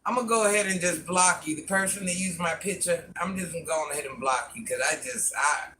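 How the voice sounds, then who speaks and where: A man's voice: high voice, fast talker, pushed and bright, slight background noise. A man rambling through a casual live stream, answering viewer comments and talking to people off camera in a folksy way.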